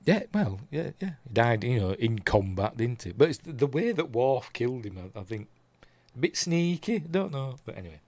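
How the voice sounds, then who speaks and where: Man, Yorkshire accent, hoarse voice, rambling live recap, halting with ums, dry close mic. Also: mid-range voice, big pitch swings, a little mellow, dry recording. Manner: rambling, hesitant, many ums and asides. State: voice going hoarse, coughing. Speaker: streamer reviewing TV episodes. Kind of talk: live casual episode recap.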